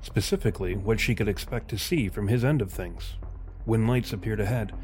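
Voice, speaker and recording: Low-voiced male storyteller. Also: a little mellow, slight background noise. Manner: measured and literary. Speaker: narrator. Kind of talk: scripted fiction narration.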